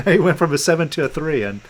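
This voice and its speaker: Male coach, slightly high voice, calm and coaxing, guided session on a video call. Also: low-quality recording. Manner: calm, coaxing, repeats gentle prompts. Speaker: meditation coach.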